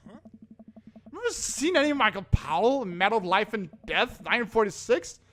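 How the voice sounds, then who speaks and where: A man voicing a brash, drunk middle-aged film buff who rants loudly with a slurred voice. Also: sits high, animated, normal speed, soft background music, pitched above the performer's own voice. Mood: ranting. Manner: slurring drunk voice, loud and ranting.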